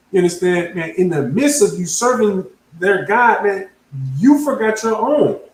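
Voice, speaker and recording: A man's voice: sits high, expressive, moderate pace, echoey room, low-quality recording. A man preaching at a Bible class, reading scripture aloud and breaking it down in casual slang, often asking "you understand?". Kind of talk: street sermon, Bible class teaching.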